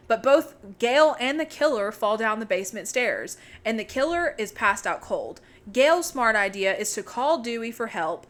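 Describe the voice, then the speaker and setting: Woman, podcast co-host, casual movie recap, chatty, swears now and then, higher-pitched. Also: a bit bright.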